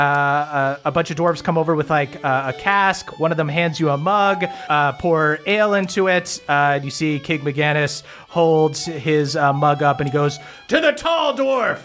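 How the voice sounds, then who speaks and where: Chuckling game master, slightly high voice. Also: male voice, fairly bright tone. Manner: loose, chuckling narration with many fillers. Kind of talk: narrating a tabletop game.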